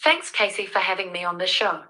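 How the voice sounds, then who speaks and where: A woman's voice: on the low side, fairly even intonation, fairly quick, pushed and bright, poor audio. A synthetic text-to-speech voice of a woman with a New Zealand English accent, introducing herself as a demo. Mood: friendly. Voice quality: smooth, evenly paced synthetic delivery.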